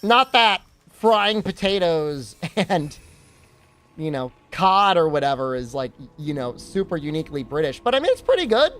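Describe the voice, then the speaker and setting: A man's voice: on the high side, big pitch swings, normal speed, a bit bright. A young American man streaming and chatting casually, joking and reacting to questions from his chat.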